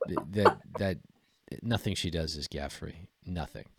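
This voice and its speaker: A man's voice: low voice, a little slow, creaky, heavy background noise. A man co-hosting a podcast, chatting casually with a sarcastic, mocking edge. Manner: sarcastic, laughing, exaggerated mockery. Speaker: podcast co-host. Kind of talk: casual political chat.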